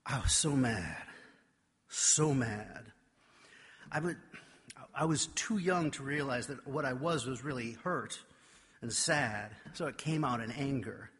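A man preaching a sermon, telling a childhood story with animated, self-mocking delivery before turning to scripture. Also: medium pitch, slow, long pauses, husky. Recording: long reverb of a large hall.

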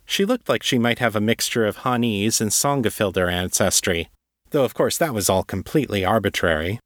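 A man narrating a fantasy story, his voice sitting on the low side. He keeps a measured, even delivery, and the recording is dry and close, with no room sound. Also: dry recording. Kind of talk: audiobook reading.

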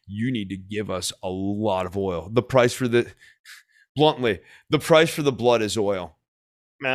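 A man's voice: medium pitch, a bit bright. Blunt, sarcastic male podcast host. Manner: blunt, sarcastic, thinking aloud with many fillers. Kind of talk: solo political commentary.

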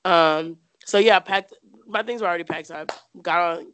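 A woman's voice: fairly low pitch, fairly quick, fairly bright tone, clear, resonant tone. Chatty young woman telling a story. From United States. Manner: chatty, laughs often, many fillers. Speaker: interview guest. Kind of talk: casual personal storytelling.

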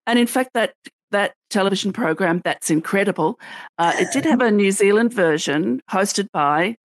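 A woman's voice: mid-range voice, lively intonation, normal speed, no room sound. A woman co-hosting a podcast, with dry, teasing humor as she jokes and reads the outro. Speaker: podcast co-host. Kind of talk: casual podcast chat, reading outro.

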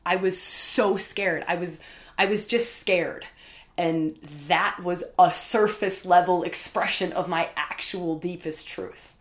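A woman's voice: on the low side, steady tone, slow. A woman host telling a candid personal story in a casual, emphatic way, with many fillers and repeated words. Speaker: podcast host.

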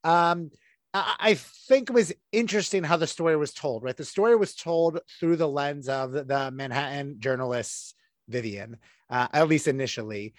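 A man co-hosting a casual review chat with a slightly higher pitch, sounding close and dry with no room echo. He talks in long opinionated runs with only light hesitation. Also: moderate pace. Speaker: podcast co-host.

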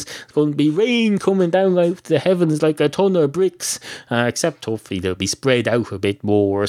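Rambling Irish podcast host. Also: male voice, medium pitch, no echo. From Ireland. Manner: rambling, self-deprecating, digressive. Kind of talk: solo comedic monologue.

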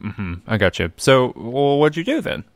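A man co-hosting a casual podcast chat, telling a story in an animated way with joking asides. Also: medium pitch, moderate pace, dry recording, studio quality. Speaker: podcast co-host.

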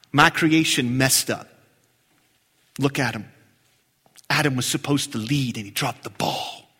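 A middle-aged man preaching a sermon as pastor, animated, with jokes and sudden hushed low passages. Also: husky, long reverb tail. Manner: animated, dips into low hushed emphasis and jumps high for jokes.

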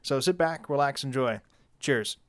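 A male podcast host in casual interview mode, recorded at a convention. He rambles and jokes, with plenty of "uh"s between thoughts. His pitch sits right in the middle for a man. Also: a little slow. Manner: jokey, rambling, many fillers. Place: convention venue.

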